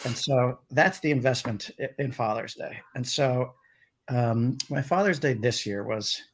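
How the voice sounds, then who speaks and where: Joining a comedy talk show by livestream video call, this middle-aged guest rambles through casual anecdotes, filling them with "like" and "um." He speaks unhurriedly in a mid-range voice.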